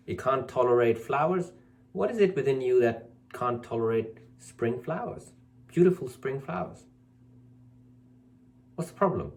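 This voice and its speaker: A man speaking as a spiritual teacher in an emphatic, scolding monologue, repeating his points and mocking excuses in a whiny voice. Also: darkish tone. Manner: mocks others in a whiny high voice. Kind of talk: preachy monologue to camera.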